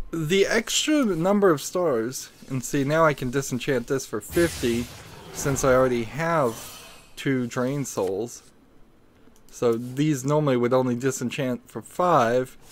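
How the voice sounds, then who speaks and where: A man streaming a card game who has just woken up and still has his morning voice, rambling hesitantly as he thinks aloud in casual commentary. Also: medium pitch. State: groggy morning voice, just woke up.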